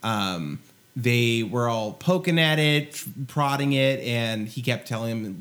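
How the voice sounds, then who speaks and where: A man's voice: mid-range voice, slow, a bit bright. Man casually recapping a movie plot. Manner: retells the plot with many fillers. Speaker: podcast co-host. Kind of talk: casual movie review chat.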